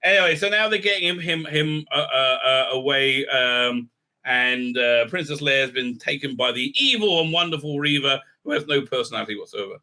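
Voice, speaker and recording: A man's voice: medium pitch, expressive, moderate pace, bright, forceful tone. A man reviewing a show in a casual, rambling recap. He hesitates a lot, piles up fillers and keeps an irreverent tone. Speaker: video reviewer.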